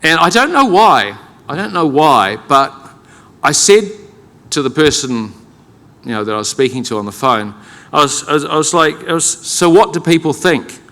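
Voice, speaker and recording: A man's voice: a little high, sing-song, normal speed, pushed and bright. A middle-aged man with a New Zealand accent telling a self-deprecating story as a keynote speaker, wry and conversational. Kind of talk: humorous personal storytelling. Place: large conference hall with audience. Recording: long hall reverb.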